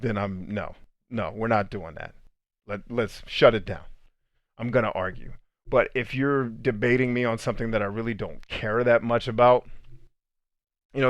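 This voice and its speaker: A man's voice: mid-range voice, a bit bright, no echo. A man hosting a motivational podcast, talking bluntly and emphatically with casual profanity and frequent "right?" asides. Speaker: podcast host and coach.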